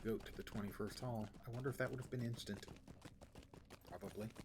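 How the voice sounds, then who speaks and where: A man's voice: on the low side, fairly even intonation, fast, background noise. A middle-aged man streaming a game, thinking aloud in a musing, wry, rambling way with sighs. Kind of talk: casual gameplay commentary, thinking aloud.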